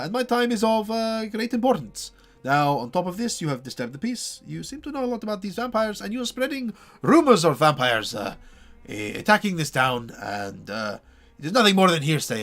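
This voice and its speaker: A man voicing a pompous, suspicious male town burgomaster who talks down to prisoners in a haughty, drawn-out way. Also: fairly high pitch, fairly bright tone, pitched above the performer's own voice.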